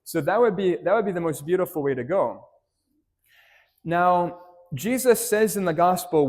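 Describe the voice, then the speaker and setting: Priest preaching in a church, chatty storyteller, slightly high male voice, keeps asking "right?". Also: lively intonation, a little slow, a little mellow. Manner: conversational storytelling, frequent "right?" tag questions; addresses children directly with simple questions. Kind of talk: homily to a parish congregation.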